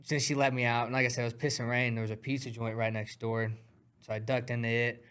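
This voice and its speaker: Excitable man telling a profane story. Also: medium pitch, quick pace, clear, resonant tone. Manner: profane, excitable, acts out punches with sound words. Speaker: guest fighter. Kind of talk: animated storytelling.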